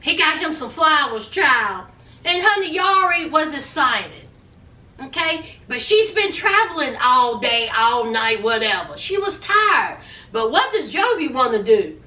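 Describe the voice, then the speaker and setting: Sassy high-voiced woman gossiping. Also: sing-song, unhurried, sharp tone, recorded from a distance. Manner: sassy, calls listeners honey and child; chatty gossipy storytelling with laughs. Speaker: show recap host. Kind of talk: casual reality-show recap. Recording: roomy echo, voice off-mic.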